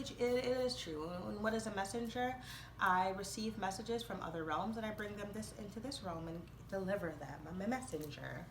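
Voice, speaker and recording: Talking to camera, a young female vlogger rambles through a personal story with lots of fillers and outbreaks of laughter. Her voice sits mid-range, the sound is roomy, and there's noise in the background.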